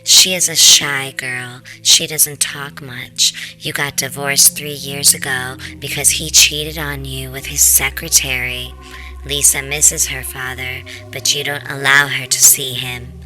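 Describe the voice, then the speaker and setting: A woman reading a text horror game aloud in the second person, with a few quiet asides of her own. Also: a bass voice, little pitch movement, a little slow, faint music behind, rough recording. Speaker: gameplay narrator.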